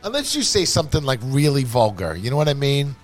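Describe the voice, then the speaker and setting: A man's voice: mid-range voice, quick pace. A man talking casually and profanely, telling stories with lots of "you know what I mean" and acted-out quotes, as a regular of the show. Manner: profane, rambling, animated storytelling with acted quotes. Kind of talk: casual chat.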